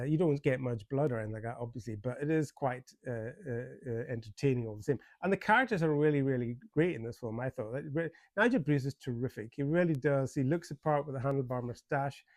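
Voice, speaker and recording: A man's voice: mid-range voice, darkish tone, no echo. A man giving a casual spoken movie review, chatty and amused, with many fillers, restarts and frequent chuckles. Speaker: film reviewer.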